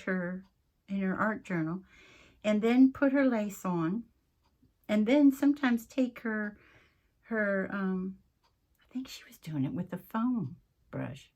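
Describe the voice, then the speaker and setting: Slow, rambling woman crafting on camera. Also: mid-range voice, darkish tone. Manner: chatty, rambling, interrupts herself; mentions her accent coming and going. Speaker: craft video host. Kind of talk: casual craft tutorial chat.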